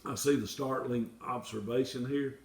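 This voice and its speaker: A man's voice: mid-range voice, fairly even intonation, normal speed. Preacher man, echoey and far. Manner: folksy preaching, rising to impassioned outbursts. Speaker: pastor. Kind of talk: sermon.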